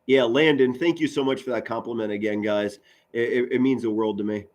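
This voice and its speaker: A man doing live football play-by-play for his viewers, excitable, his voice jumping up on big plays and his words stumbling over each other. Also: medium pitch, brisk. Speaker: amateur play-by-play commentator. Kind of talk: live play-by-play commentary with chat.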